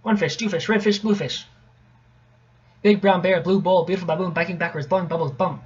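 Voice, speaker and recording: High-pitched young man, halting read-aloud, self-correcting, dull lo-fi recording. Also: steady tone, husky. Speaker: vlogger reading a poem aloud. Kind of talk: casual stumbling read-aloud.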